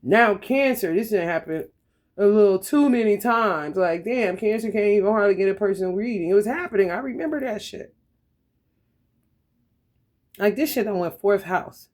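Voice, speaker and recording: Profane, animated woman tarot reader. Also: mid-range voice, moderate pace. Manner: animated, profane, frequent laughter, talks to viewers directly. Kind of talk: casual profane tarot reading monologue.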